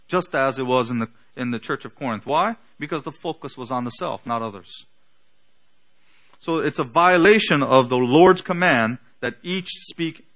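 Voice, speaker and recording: A male pastor delivers a sermon in a bright, forceful voice that sits a little high for a man. He speaks slowly and deliberately, with a slight non-native accent. He drives his points home with emphatic rhetorical questions. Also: low-quality recording.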